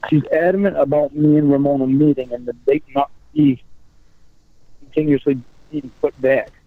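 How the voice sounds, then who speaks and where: A man on a phone call, talking in halting bursts and repeating his words as he restarts. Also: fairly high pitch, fairly even intonation, no room sound. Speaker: caller on a recorded phone call. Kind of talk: casual phone conversation. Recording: tinny phone line.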